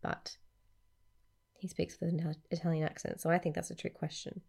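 Sleepy low gravelly woman. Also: level tone, a little fast, darkish tone. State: sleepy, just woke up. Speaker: podcast co-host. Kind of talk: casual chat.

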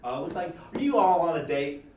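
A man's voice: on the high side, expressive, a little fast, highs cut off, voice pushed up, close to an everyday voice. A man improvising a chatty, corny restaurant manager in an exaggerated fake Southern accent, with goofy puns. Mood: hammy. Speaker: improv participant. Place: improv practice room. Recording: roomy, distant, loud crowd.

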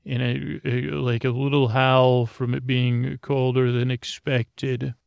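A man drifts slowly through a rambling bedtime story, stumbling and restarting on purpose. His voice is heavily gravelly and nearly flat in pitch. The sound is close and dry. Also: no room sound. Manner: meandering, stumbling, deliberately dull. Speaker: podcast host.

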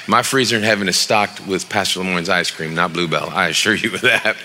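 A middle-aged man preaching a sermon as pastor in a church, telling stories with animated quoted voices and reading scripture aloud with rising emphasis. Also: deep voice, fairly quick, a little hiss or hum. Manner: animated storytelling with acted quotes.

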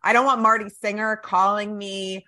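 Bright-voiced woman podcast guest. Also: medium pitch, steady tone, normal speed. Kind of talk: casual chat.

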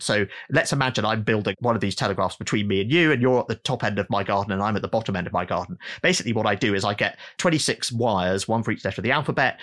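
A middle-aged man, an author being interviewed, explaining in a lively storytelling way and acting out quoted voices. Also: medium pitch. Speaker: author and guest.

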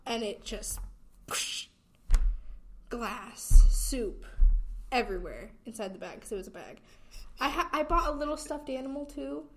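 A young woman co-hosting a podcast, telling a story in an animated way and laughing as she goes. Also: on the high side, moderate pace, long pauses, faint music behind. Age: young adult. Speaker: podcast co-host. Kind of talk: casual chat.

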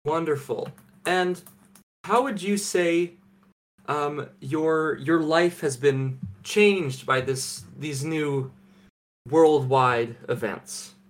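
A man with a fairly high voice asks interview questions slowly in a mock interview. He fumbles through his sentences, and the ums pile up. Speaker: interviewer in a comedy sketch.

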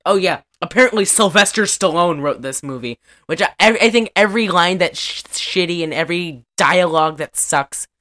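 This is a young woman on a casual podcast, retelling a movie in a loose, rambling way. Her voice sits on the lower side but her pitch swings widely as she goes. She fills her talk with "like" and slips into quick impressions of the characters. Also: lively intonation, a bit bright. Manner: rambling, many "like" fillers, acts out lines from the film. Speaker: podcast co-host. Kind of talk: casual movie recap chat.

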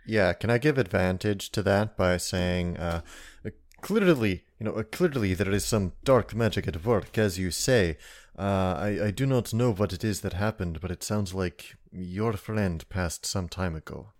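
A man's voice: sits low, a little slow. A man playing a tabletop game, speaking hesitantly with many fillers. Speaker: player.

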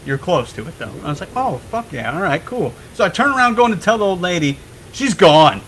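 A young man on a podcast telling a story in a casual, animated way, swearing freely and laughing as he goes. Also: sits high, fairly quick, noisy background. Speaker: podcast guest.

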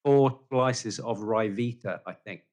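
A man's voice: on the low side, slow pace, a little mellow. A man who works as a vet, hosting a podcast over a video call and teasing his co-hosts in a jovial way. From England. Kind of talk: casual chat.

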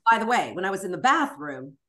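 A woman stand-up comic telling a personal story in a frank, animated way, swearing freely and acting out the voices of the people in it. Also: mid-range voice, quick pace. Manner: animated, acts out voices and screams in the retelling. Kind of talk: storytelling interview.

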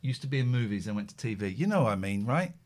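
A man's voice: medium pitch, animated, fast, a little mellow. A man co-hosting a podcast, chatting casually and wryly as he reacts to video clips. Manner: wry, musing commentary. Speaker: podcast co-host.

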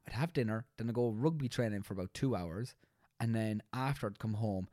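A man's voice: on the low side, brisk, no room sound, studio quality. A young man, a teacher, co-hosting a casual podcast chat and telling rambling stories. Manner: animated, rambling storyteller. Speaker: podcast co-host.

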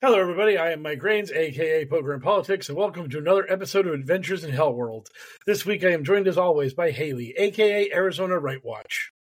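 A man opening a podcast with fast, upbeat introductions. His voice sits slightly high and quick. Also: expressive. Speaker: podcast host. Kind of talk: show opening.

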